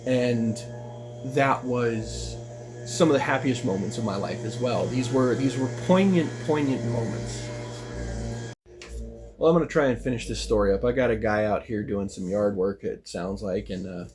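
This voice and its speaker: A man's voice: medium pitch, moderate pace, music in the background. A man telling a personal story in a casual vlog, rambling with lots of "you know" and "like" and voice jumps up when he gets worked up. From United States. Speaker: vlogger.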